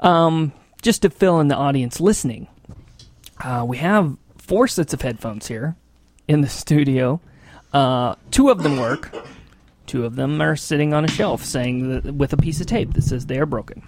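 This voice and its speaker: A man hosting a casual show from a small studio, talking haltingly with many fillers and frequent laughs. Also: on the high side, a little hiss or hum. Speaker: show host. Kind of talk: casual chat on a podcast. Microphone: studio microphone.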